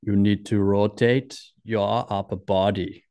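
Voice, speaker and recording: A man putting on a hurried Austrian ski instructor. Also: on the low side, fairly even intonation, mellow. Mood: breezy. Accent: put-on Austrian. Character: brisk Austrian male ski instructor, always leaving.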